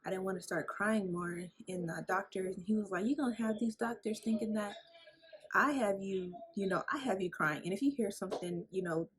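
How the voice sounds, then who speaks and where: A woman's voice: mid-range voice, fairly quick. A young woman talking candidly to her camera at home, telling a personal story with lots of fillers, while a fan and men playing a video game are heard behind her. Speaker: vlogger. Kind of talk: casual chat. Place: at home indoors. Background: fan noise and men playing a video game.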